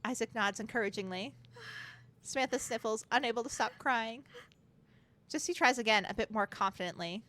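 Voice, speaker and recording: A woman's voice: on the high side, animated, brisk, sharp tone, dry recording. A young woman streaming a game, reading its text aloud with chatty, giggly commentary and casual swearing. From United States.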